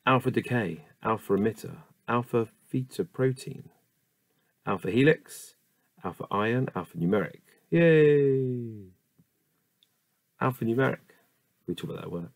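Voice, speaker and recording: Slow, gravelly, deep-voiced man reading. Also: a bit bright, dry recording. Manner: reads word lists slowly with asides and musing. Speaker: reader of a dictionary. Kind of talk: casual solo reading.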